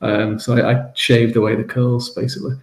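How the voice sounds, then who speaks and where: A man's voice: medium pitch, little pitch movement, a little fast, reverberant, rough recording. A man in his forties hosting a casual talk show, telling stories with frequent laughs and restarts. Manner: laughs often, many restarts and ums. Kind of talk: casual chat.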